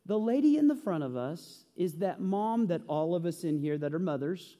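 A man's voice: fairly high pitch, sing-song, moderate pace, mellow. A male pastor preaching a sermon, telling a story with humor and earnest conviction in a church. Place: church sanctuary. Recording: reverberant church hall.

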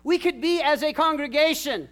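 A middle-aged male pastor delivering an impassioned sermon, dropping to a hush and then building to shouts. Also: very high voice, normal speed. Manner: impassioned preaching, swings from hushed to shouting.

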